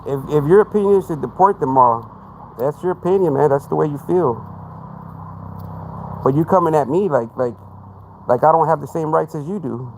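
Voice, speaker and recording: A man's voice: fairly high pitch, normal speed, vocal fry, pauses often, darkish tone, a little hiss or hum. A man with a Texan accent hosting a live podcast, talking in a rambling monologue that stumbles over repeated words and keeps saying "man.". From Texas. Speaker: podcast host.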